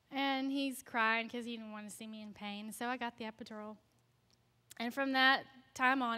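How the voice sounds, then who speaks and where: A woman guest speaker gives a personal testimony from a church platform, her high, bright voice carrying a long hall reverb. She tells the story with animation and slips into the voices of the people in it. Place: church sanctuary.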